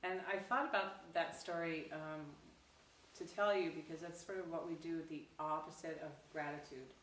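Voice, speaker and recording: A woman Zen teacher giving a dharma talk, telling a story casually with lively acted quotes, recorded from a distance in a roomy hall. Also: low-pitched, normal speed. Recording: roomy, distant, faint background noise.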